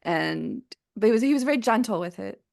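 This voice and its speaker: A woman co-hosting a casual podcast chat, her voice carrying a gravelly, creaky edge. She talks in a chatty, rambling way, full of fillers and restarts. The sound is dry and close, with no room around it. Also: mid-range voice, animated, brisk, darkish tone, dry recording. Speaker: podcast co-host.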